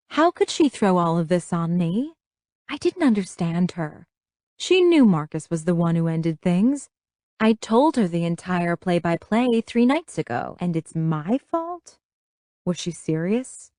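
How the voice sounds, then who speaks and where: Expressive woman narrating an audiobook. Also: on the low side, a little slow, no echo, clean studio sound. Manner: expressive storytelling. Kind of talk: first-person audiobook narration.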